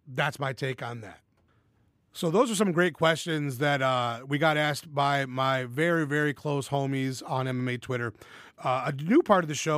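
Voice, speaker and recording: A man's voice: a little high, a bit bright, dry recording, studio quality. A man hosting a casual Q&A podcast, blunt and profane, with bursts of enthusiasm. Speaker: podcast host.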